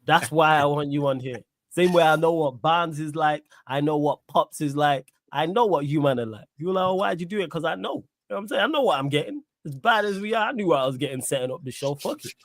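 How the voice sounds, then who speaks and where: A man's voice: on the high side, animated, a little fast, no echo. A man hosting a casual podcast, reading out chat comments, slangy and given to laughing. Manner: laughs a lot, uses London street slang like "big up" and "yo". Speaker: podcast host.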